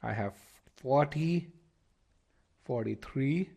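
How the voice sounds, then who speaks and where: A man's voice: mid-range voice, expressive, slow, gravelly, warm tone. A man teaching a live online test-prep lesson, explaining step by step, often repeating words and asking the class to check they follow.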